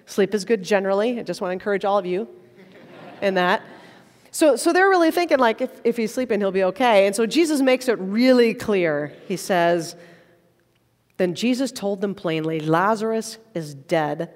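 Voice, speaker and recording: A woman's voice: medium pitch, animated, moderate pace, darkish tone. Woman preaching in a reverberant church. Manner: conversational, playful asides between readings. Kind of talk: sermon with prayer and scripture reading. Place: church sanctuary. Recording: long reverb of a large church.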